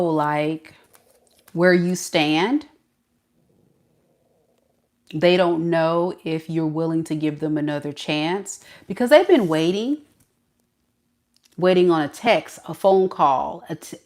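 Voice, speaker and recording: A woman giving an animated tarot reading, often laughing and acting out what the other person is thinking. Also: sits low. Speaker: tarot reader.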